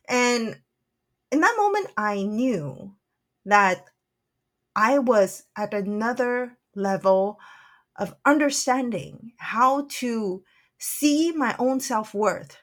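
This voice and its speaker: A woman who works as a spiritual channeler, telling a personal story in a soft, earnest way with frequent "like" fillers. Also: fairly high pitch, lively intonation, takes it slowly.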